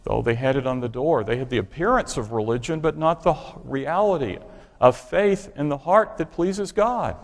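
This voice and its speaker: Gravelly preacher in an echoing hall. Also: male voice, fairly high pitch, lively intonation, normal speed. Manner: emphatic, asks the congregation rhetorical questions. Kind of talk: sermon.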